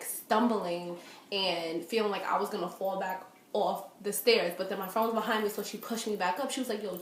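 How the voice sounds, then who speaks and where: A young woman telling a storytime vlog in a casual, animated way, full of fillers and acted-out quotes. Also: medium pitch, reverberant, a little hiss or hum. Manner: animated, lots of fillers, acts out quoted voices. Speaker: vlogger.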